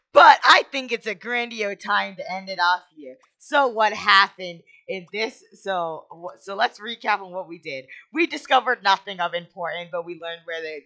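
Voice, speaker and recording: A let's play host giving casual gameplay commentary, excitable, with goofy mild exclamations and bursts of squealing shouts. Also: mid-range voice.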